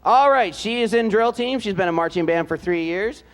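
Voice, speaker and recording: A man announcing at a ceremony and reading aloud, in a relaxed, joking way with frequent hesitant "uh" fillers. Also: high voice, a little fast, in a large hall. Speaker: announcer introducing band seniors.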